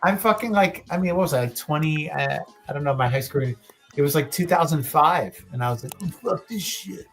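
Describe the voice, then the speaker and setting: A man's voice: fairly high pitch, brisk, fairly bright tone. Man, late 30s, podcast co-host, rambling, swears a lot, faint music behind. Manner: rambling, profane, restarts a lot. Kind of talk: casual podcast chat.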